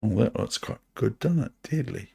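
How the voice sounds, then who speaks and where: A man with a New Zealand accent streaming online chess, muttering to himself as he plays and gently mocking his own moves. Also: mid-range voice, lively intonation, moderate pace, creaky, a little hiss or hum. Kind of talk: live online chess commentary.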